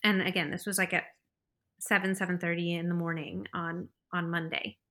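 A young mother tells her birth story in a casual, chatty way. Her voice is bright and forward, and she laughs often. She slips into little impressions of the people she quotes. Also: fairly low pitch, flat delivery, moderate pace. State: pregnant.

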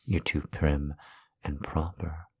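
A man's voice: extremely low pitch, fairly even intonation, slow pace, breathy edge. A man performing a domineering erotic audio role-play monologue, taunting and commanding the listener.

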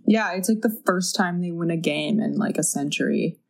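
A woman in casual conversation about a movie, expressive and quick to laugh. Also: vocal fry. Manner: expressive, jumps high in pitch when laughing.

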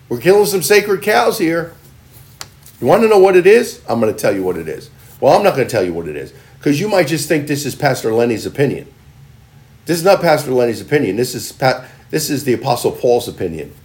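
Gravelly, animated male pastor preaching. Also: medium pitch. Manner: emphatic, punchy preaching with sudden loud and soft swings. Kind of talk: sermon, teaching from scripture.

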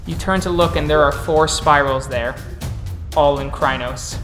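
A man narrating a tabletop horror game as the game master, in a relaxed, descriptive way. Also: a little high, measured pace, roomy sound, faint music behind.

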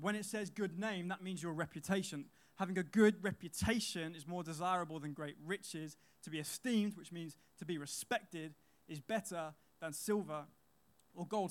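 A young man in his twenties gives a casual talk to teenagers, telling school stories in a loose, chatty way. His voice sits fairly high, and he leans on fillers and repeats his key lines. He speaks from a stage to a youth audience.

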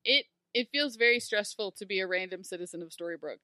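A woman's voice: mid-range voice, animated, fast talker, sharp tone, no room sound, clean studio sound. A woman co-hosting a podcast, recapping a TV episode in casual chat and acting out characters in exaggerated voices.

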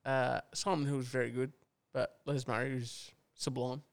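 A man's voice: medium pitch, level tone, moderate pace, vocal fry. A man co-hosting a casual sports chat, listing his favourites with enthusiasm and swearing back at his mate. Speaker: co-host.

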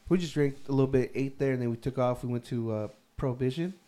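Among friends in casual conversation, a young man laughs through a rambling, swear-heavy story. He talks fast, with a warm, mid-range voice.

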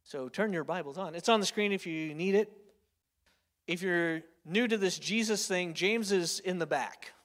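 A man's voice: sits high, normal speed, fairly bright tone. A man in his thirties preaching a sermon in a chatty storytelling way, full of fillers and "right?" tag questions. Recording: long hall reverb.

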